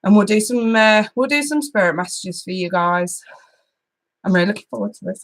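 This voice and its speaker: A woman's voice: mid-range voice, expressive, brisk. A woman hosting a live tarot stream, chatting casually and giggling as she greets viewers by name.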